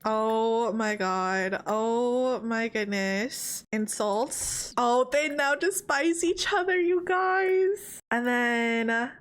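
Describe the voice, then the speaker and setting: Excitable young woman commenting on gameplay. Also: a little high, extremely slow, hardly any pauses, smooth. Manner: excitable, exclaiming. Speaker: gaming streamer. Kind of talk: let's play commentary.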